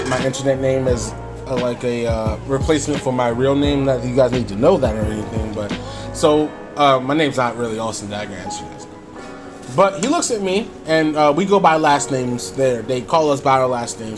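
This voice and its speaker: A man on his own channel telling a story in a casual, rambling way, with many fillers and chuckles, over background music. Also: medium pitch. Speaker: YouTuber.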